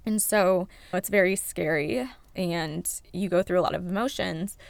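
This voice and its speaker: Candid young woman with a gravelly low voice. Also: a little slow, dry recording. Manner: candid, emotional, swears freely. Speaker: accident survivor telling her story. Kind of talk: personal storytelling to camera.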